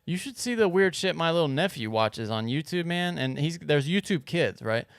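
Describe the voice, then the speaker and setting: A man's voice: a little high, animated, normal speed, clear, resonant tone, no room sound, studio quality. A man co-hosting a podcast in loose casual chat, swearing freely and reading news stories aloud. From grew up on a farm. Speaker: podcast co-host.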